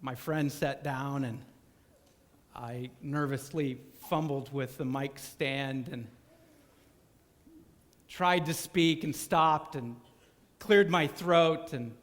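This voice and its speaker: A male preacher telling a story in a sermon, animated and often repeating words as he stumbles. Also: medium pitch, takes it slowly, pauses often, big-room sound.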